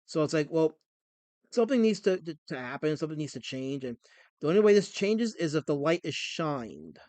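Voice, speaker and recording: A man's voice: fairly high pitch, big pitch swings, brisk, darkish tone, no room sound. A man hosting a live stream, chatting casually and often stammering and repeating words. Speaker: streamer host.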